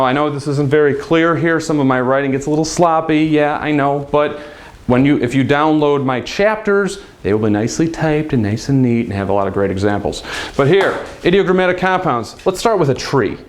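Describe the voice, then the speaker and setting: Upbeat man teaching casually. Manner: upbeat, jokey, lively pitch swings. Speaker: Chinese teacher. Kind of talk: casual video lesson. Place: home garage.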